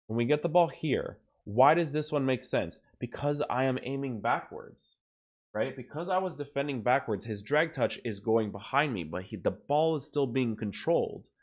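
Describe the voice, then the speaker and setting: A man's voice: medium pitch, animated, moderate pace. A young man doing casual commentary over his own gameplay, emphatic, keeps checking in with "right?". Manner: casual, swears now and then. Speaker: gaming YouTuber.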